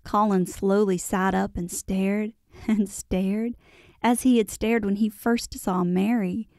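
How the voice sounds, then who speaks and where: A woman narrating a classic children's novel in a measured, expressive storytelling voice. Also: mid-range voice, no echo, studio quality. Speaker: audiobook narrator. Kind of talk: scripted audiobook narration.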